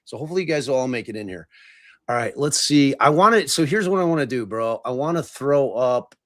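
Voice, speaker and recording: A man's voice: medium pitch, expressive, fairly quick, no room sound, studio quality. A middle-aged man hosting a live podcast stream, chatting casually, swearing freely and joking about his own lack of tech skill. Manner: self-mocking, swears freely, fumbles with tech. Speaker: podcast host.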